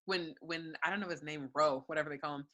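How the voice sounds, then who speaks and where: A woman's voice: low voice, steady tone, fast, fairly bright tone, lo-fi sound. A young woman, a guest on an interview show, giving a frank and earnest personal testimony and laughing lightly between thoughts. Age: young adult.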